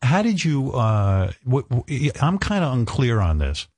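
A man's voice: medium pitch, sing-song, a little slow, darkish tone, breathy edge, no room sound. A man hosting a talk show, interviewing a guest in a joking, rambling way with lots of fillers. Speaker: radio show host. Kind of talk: casual interview chat.

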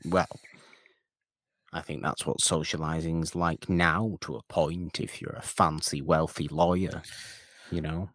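A man's voice: very deep voice, flat delivery, a little slow, a bit bright, dry recording, studio quality. A man hosting a casual podcast about a film, wry and teasing, talkative.

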